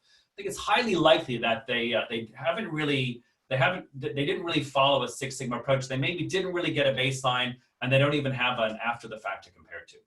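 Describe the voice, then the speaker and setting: An American man gives a casual online lecture in a mid-pitched voice, stopping on ums and restarts and asking his listeners questions. He sits a little back from the mic, and the room adds a noticeable echo. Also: lively intonation, fast talker, fairly bright tone, far from the mic. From United States. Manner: conversational, many fillers and restarts, asks the audience. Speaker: webinar lecturer. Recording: roomy sound, voice a bit off-mic.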